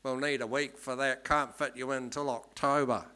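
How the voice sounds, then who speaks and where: A man doing a brisk Australian shearing contractor. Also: mid-range voice, steady tone, bright, forceful tone, natural voice.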